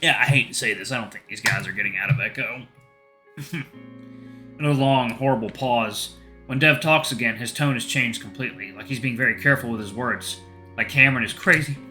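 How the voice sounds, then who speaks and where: A male let's play host reads a visual novel aloud, telling the story at a steady pace. His voice is very bright, with a mid-range pitch. Light music plays faintly behind him. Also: fairly quick.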